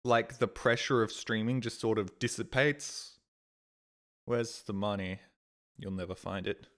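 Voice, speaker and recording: A man's voice: lowish voice, a little slow, a bit bright. Sweary, rambling male streamer. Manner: rambling, sweary, self-deprecating. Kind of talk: casual live-stream chat.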